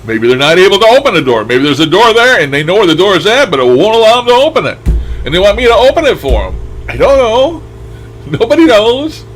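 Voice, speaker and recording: An older man hosting a paranormal radio session talks casually over recordings he plays back, musing aloud and chuckling as he trails off. His high-pitched voice is sing-song and fast, and the audio quality is poor.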